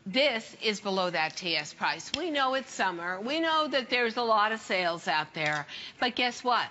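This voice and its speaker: Bright, gushing woman selling jeans on TV. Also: mid-range voice, big pitch swings, normal speed, lo-fi sound, a little hiss or hum. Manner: enthusiastic, chatty, gushing about colors. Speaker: fashion designer selling her jeans. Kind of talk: home shopping sales pitch. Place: TV shopping studio.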